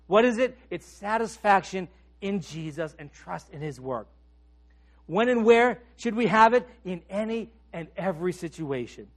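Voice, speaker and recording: A male pastor preaching a sermon, dropping soft and low at the ends of phrases and lifting on questions. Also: animated, normal speed.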